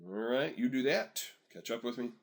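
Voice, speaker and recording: A man at a middle pitch walks through a software task over a screen recording. His manner is easygoing and conversational, and he keeps checking in with learners to pause the video and follow along. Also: gravelly. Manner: relaxed, chatty, tells viewers to pause and catch up. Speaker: software instructor. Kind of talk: screen-recorded tutorial narration.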